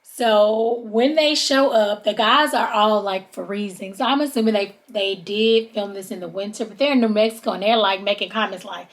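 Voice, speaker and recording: A woman's voice: normal speed, few pauses. Woman, podcast host, casual gossipy recap, mid-range voice. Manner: chatty, drawls "honey" and "child", mimics people in high voices.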